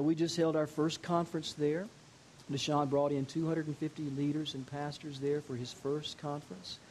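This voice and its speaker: An older male pastor preaches a sermon in a slightly high voice, shifting from hushed, intimate storytelling to slow, emphatic declarations. The recording is rough, with a faint hiss underneath.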